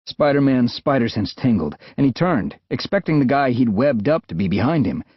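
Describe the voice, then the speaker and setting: A man with an American accent narrating an adventure audiobook in a lively, expressive way. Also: mid-range voice, moderate pace, husky, no echo. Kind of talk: scripted narration. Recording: dull, dry studio sound.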